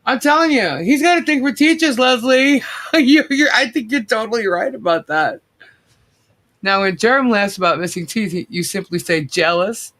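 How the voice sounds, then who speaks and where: A woman's voice: on the high side, expressive, moderate pace, a bit bright. A woman hosting a live online show, laughing constantly as she reads out viewer comments. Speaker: livestream host.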